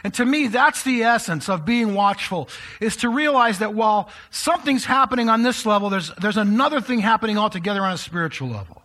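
A man's voice: high-pitched, expressive, brisk, sharp tone. A man preaching a sermon to a live congregation in a church, speaking conversationally and addressing the listeners directly. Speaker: pastor.

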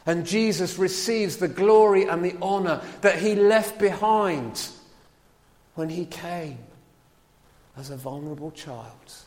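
A man preaching a sermon in a church, lively and chatty, with asides to his listeners. His voice sits a little higher than most men's. A long reverb hangs on it from the hall. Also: takes it slowly.

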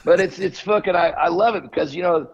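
Talking fast in a high-pitched, husky voice, a man hosts a podcast chat full of profanity, swearing constantly while being blunt and boastful. The sound is dull and lo-fi.

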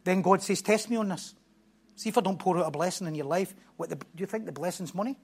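A man preaching a sermon emphatically, repeating phrases and building to loud bursts. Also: high-pitched, fast, husky.

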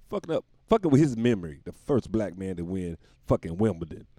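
Male comic host, lower voice that swings widely, dry close sound. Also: big pitch swings, normal speed, mellow, no echo. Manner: rambling, laughs at own jokes, swears constantly. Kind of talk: profane comic monologue.

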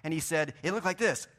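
A man preaching a sermon in a church, swinging between loud, emphatic bursts and quieter scripture reading. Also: on the high side, slight background noise. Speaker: pastor. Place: church sanctuary.

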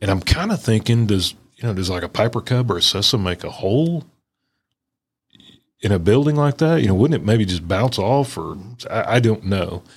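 A man's voice: on the low side, lively intonation, moderate pace, husky. A man hosting a podcast, telling his own story in a plainspoken, blunt way with casual slang. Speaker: podcast host. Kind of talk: casual conversation.

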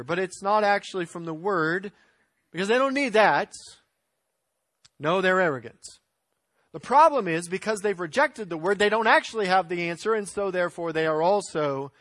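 High-voiced man preaching, dry sound. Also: fairly bright tone, no room sound. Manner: emphatic preaching with rising and falling intensity; clears throat now and then. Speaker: pastor. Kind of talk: sermon.

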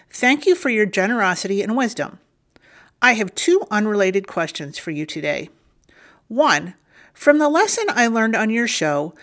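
A woman reading a listener's letter aloud on a podcast, with clear, even delivery. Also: mid-range voice. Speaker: reader of listener emails.

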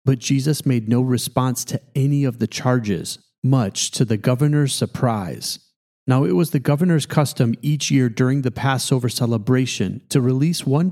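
A man, a pastor, reading scripture aloud in a steady, measured way. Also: mid-range voice.

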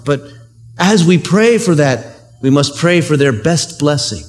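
A man's voice: a little high, expressive, a little slow. A man preaching a sermon as pastor, earnest and conversational, using everyday examples. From United States.

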